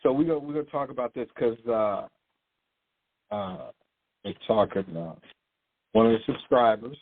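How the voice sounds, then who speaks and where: A man's voice: mid-range voice, moderate pace, dry recording. A man giving an emphatic, informal sermon to his online subscribers and reading scripture aloud. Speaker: online teacher of a channel. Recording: phone-like narrow audio.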